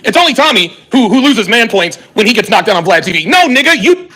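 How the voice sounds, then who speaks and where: A man with a strikingly high voice delivers heated reaction commentary on a live stream. His tone is bright and cutting, and he sounds exasperated and profane as he argues back at his viewers' comments. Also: quick pace, husky. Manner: animated, exasperated, profane, reads chat aloud.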